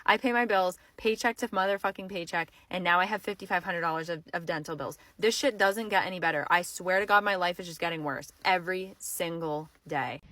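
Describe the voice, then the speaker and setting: A woman's voice: fairly low pitch, a little fast, few pauses, a bit bright, no echo, far from the mic. A woman venting in a profane, exasperated rant about bills. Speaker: TikTok poster.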